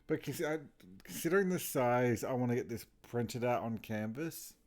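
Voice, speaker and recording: A man's voice: mid-range voice, normal speed. A man streaming as he draws, tired and yawning, talking to himself in a casual muttering way. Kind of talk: casual talk while drawing.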